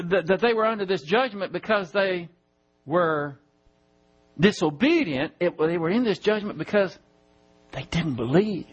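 High-voiced preacher teaching scripture. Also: male voice, a bit bright, slightly rough, muffled recording. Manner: teaching Bible verses, spelling out Greek words slowly. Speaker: pastor. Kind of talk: sermon. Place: church.

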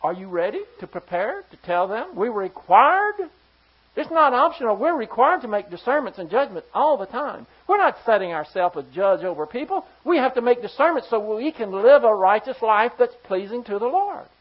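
Very animated and speaking at normal speed, a mid-pitched pastor delivers a forceful sermon full of pointed rhetorical questions for the congregation. The audio sounds slightly dull and lo-fi.

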